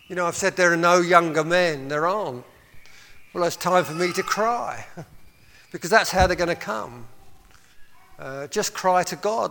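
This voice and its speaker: A man's voice: sits high, moderate pace, a bit bright. A man preaching a sermon as pastor, with impassioned appeals and short laughs between his points. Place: church hall. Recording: long hall reverb.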